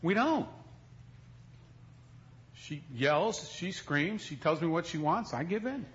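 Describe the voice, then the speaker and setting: A preacher, middle-aged, with a somewhat high voice, delivering a sermon as a story. He shifts between loud lines and near-whispers. The recording is muffled, with a faint hiss behind him. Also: lively intonation, slow. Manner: storytelling with acted quotes, swings from loud to hushed. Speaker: pastor.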